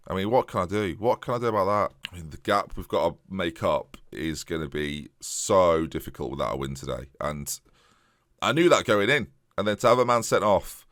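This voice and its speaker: A man with a sore throat commentating on his football management game for viewers, excitable and full of restarts, on a desk microphone. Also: lowish voice, no echo, clean studio sound. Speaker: gaming YouTuber. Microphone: USB desktop microphone.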